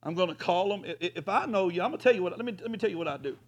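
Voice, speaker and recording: Pastor guy preaching, high voice, folksy, gets loud and hollers. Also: lively intonation, racing, highs cut off. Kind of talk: sermon.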